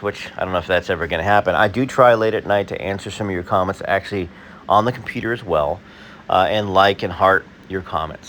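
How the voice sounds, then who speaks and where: A man hosting his video and reading viewer comments in a casual, halting way, full of fillers and restarts; he sounds tired. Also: on the low side, fairly bright tone, a little hiss or hum.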